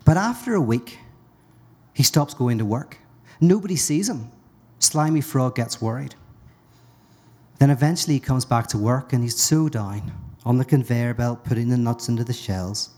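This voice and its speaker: A man's voice: medium pitch, normal speed, long pauses, darkish tone. A man telling a parable at a live talk, playful and rambling, often interrupting himself. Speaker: guest speaker. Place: brewery, live audience.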